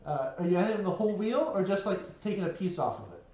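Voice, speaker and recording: A relaxed game master narrating a tabletop game, laughing often and stopping on many small fillers. The voice sits at an ordinary middle pitch. It comes from some way off the mic in a roomy, echoing space, and the sound is dull. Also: fast talker, background noise. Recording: roomy, distant, dull recording.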